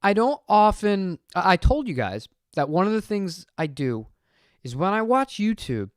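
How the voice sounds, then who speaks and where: A man's voice: high voice, sing-song, moderate pace, no echo, studio quality. A man hosting a casual live-stream chat, rambling and talking to viewers in the chat. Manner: rambling, chatty, reads chat aloud. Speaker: channel host.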